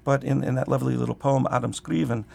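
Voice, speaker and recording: A steady, dark tone with vocal fry marks this medium-pitched voice of a middle-aged literature professor, whose speech is a little scratchy. Being interviewed conversationally, he wanders thoughtfully through digressions and slows his delivery to read passages aloud.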